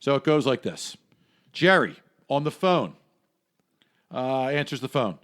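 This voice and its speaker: A man co-hosting a podcast, talking in an animated, casual way as he lists favorite one-liners. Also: mid-range voice, unhurried, long pauses.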